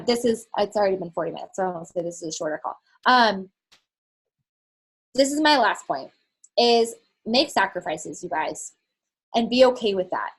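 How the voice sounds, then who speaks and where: With a husky, medium-pitched voice, a network marketing fitness coach gives her team a frank motivational talk over a call. She's casual, uses a lot of fillers, and swears now and then.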